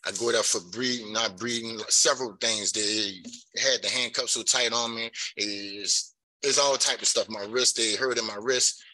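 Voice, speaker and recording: A man's voice: medium pitch, fairly even intonation, normal speed, pushed and bright, low-quality recording. A middle-aged man gives rambling, earnest testimony at a parole hearing, filling his account with "you know.". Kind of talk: pleading testimony.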